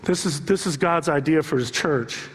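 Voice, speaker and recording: High-voiced male pastor in a reverberant hall. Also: moderate pace. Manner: conversational and joking, with rhetorical questions to the audience. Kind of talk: sermon. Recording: long reverb from a large hall.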